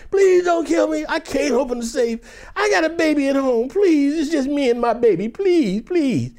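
A woman's voice: lively intonation, normal speed, warm tone. A man acting out a terrified young female manager who begs for her life through tears. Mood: pleading terrified. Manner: pleading, crying, high and breathless.

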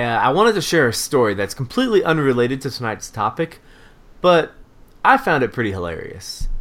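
A man in his thirties hosting a casual parenting podcast, telling a funny story with lots of swearing and squealing high when he mimics his scared child. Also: fairly bright tone. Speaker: podcast co-host.

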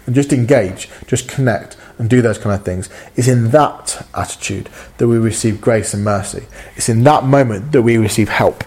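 A man preaching with a husky, slightly breathy voice at a middling pitch. He speaks, earnest and conversational, often stumbling over repeated words as he works through a thought. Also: moderate pace, few pauses, a little mellow. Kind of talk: sermon.

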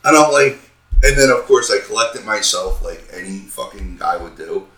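A man in his thirties, a podcast co-host, telling a profane, animated story with acted-out quotes. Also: sits low, normal speed, far from the mic, soft background music. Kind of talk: casual storytelling chat. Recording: roomy sound, a bit off-mic.

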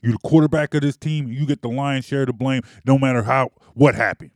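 A man's voice: medium pitch, fairly even intonation, a little fast, darkish tone, no echo. A man delivering an emphatic, argumentative sports opinion monologue. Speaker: sports commentator.

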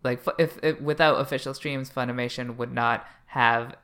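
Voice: mid-range voice, fairly even intonation, moderate pace, fairly bright tone. Talker, casual chat, hesitant and thinking aloud. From Canada. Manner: thoughtful, hesitant, many fillers. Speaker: podcast co-host.

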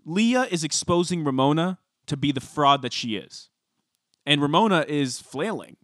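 A man co-hosting a podcast in casual chat, blunt and sardonic, with deadpan asides. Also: a little high, normal speed, dry recording, clean studio sound. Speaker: podcast co-host.

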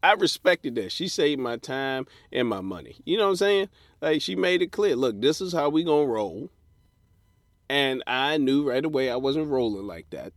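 A man's voice: medium pitch, no room sound, studio quality. A man hosting a podcast, giving blunt, profane dating advice in a comedic solo rant and mocking people in put-on voices. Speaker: podcast host.

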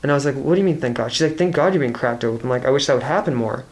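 A man's voice: mid-range voice, very fast, darkish tone. Rambling young man, candid and profane. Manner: rambling, swears freely, many restarts. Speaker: podcast guest. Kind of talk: candid casual conversation.

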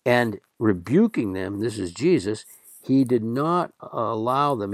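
A man teaching Latin, reading scripture passages aloud and translating them slowly and deliberately. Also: medium pitch, no echo, clean studio sound.

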